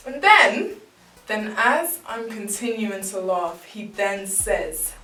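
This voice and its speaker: A young woman telling a casual, animated storytime full of slang. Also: mid-range voice, takes it slowly. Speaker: vlogger. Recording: roomy, distant mic, faint background music.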